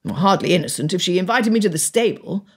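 A woman's voice: on the low side, lively intonation, fast, husky. A woman voicing an indignant, arrogant young nobleman who snaps and complains. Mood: angry. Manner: snapping, indignant.

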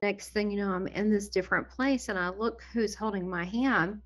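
A woman giving a personal testimony as a guest, animated and full of awe, often breaking into laughter. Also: medium pitch, moderate pace, soft background music. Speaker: near-death experiencer guest.

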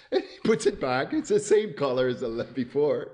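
A man excitedly narrating his cartoon idea, laughing through it and acting out sound effects and cries. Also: sits high, moderate pace. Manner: keeps laughing at his own story. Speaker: animator pitching a cartoon. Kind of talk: excited story pitch narration.

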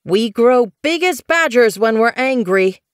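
A woman's voice: medium pitch, very animated, normal speed, no echo, clean studio sound, pitched above the performer's own voice, lightly acted. A woman voicing Bluefur, an eager young female warrior cat, in an audiobook, keen and earnest.

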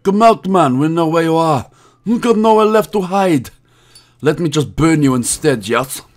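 A man's voice: fairly high pitch, animated, normal speed, pitched above the performer's own voice, lightly acted. A man putting on a taunting mafia gangster. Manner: taunting, mock-threatening. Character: menacing male mafia gangster hunting prey.

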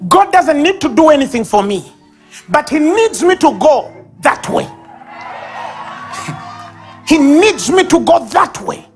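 A man with a Ugandan English accent preaching a sermon at a church service, animated, acting out sobs and baby babble and shouting key lines. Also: high voice.

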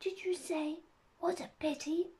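Lady doing a scared little rabbit guy, all hushed and jumpy. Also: extremely high pitch, steady tone, unhurried, pitched above the performer's own voice. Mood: nervous whispering. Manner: hushed, frightened whispering. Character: timid anxious male white rabbit.

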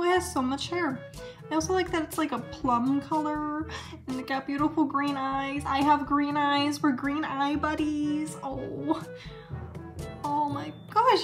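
A woman's voice: high voice, echoey room. A woman unboxing toys in casual chat, hyper and gushing, gasping over each new find. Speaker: toy reviewer.

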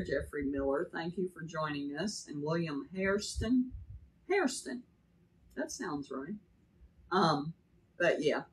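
A woman in her sixties with a Kentucky accent and a Texas drawl, talking at a slow, unhurried pace in a low voice. She chats casually with livestream viewers and greets them one by one. A faint hum of background noise sits under her voice. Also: a bit bright, rough recording. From Kentucky, raised in Texas. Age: 60s. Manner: drawn-out drawl, chatty, greets viewers by name. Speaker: livestream host. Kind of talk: casual livestream chat reading comments.

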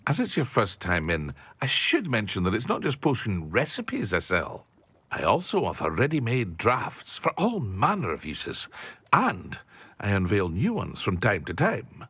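A man's voice: lowish voice, wildly swooping pitch, a little slow, a bit bright, breathy edge, no room sound, full character voice. An actor playing a talkative, enthusiastic male potion shopkeeper in a video game, proud of his craft. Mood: chatty. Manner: talkative, enthusiastic, a bit fussy.

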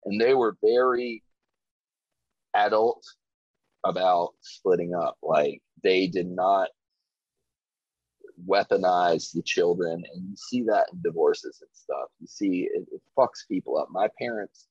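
A man's voice: low voice, slow, a little mellow, breathy edge, no echo, dull audio. A man from Virginia in his forties, a podcast guest telling stories in a laid-back way, full of "like" and "you know". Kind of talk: casual chat.

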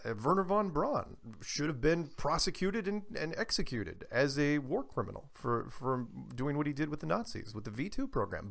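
A man talking as a guest on a radio interview, telling animated stories with many restarts. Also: on the high side, creaky. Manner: animated storyteller, frequent restarts. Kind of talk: casual radio interview chat.

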